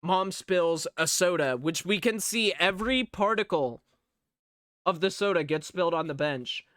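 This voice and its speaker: A man's voice: sits high, moderate pace, a bit bright, dry recording, studio quality. A man recapping a movie in a casual, rambling way, sarcastic and swearing freely. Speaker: movie reviewer.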